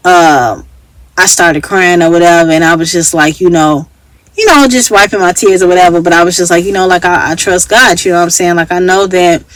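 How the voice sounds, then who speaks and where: A woman's voice: lowish voice, no room sound, poor audio. A woman from Chicago with a Chicago accent, telling a personal story in a casual, chatty way and acting out what others said. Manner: chatty, acts out quoted voices. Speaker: vlogger.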